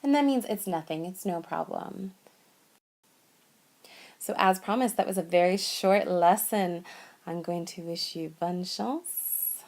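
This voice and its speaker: A woman teaching basic French phrases in a whiteboard lesson, speaking slowly and patiently and repeating each phrase for the learner. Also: lowish voice, a little mellow.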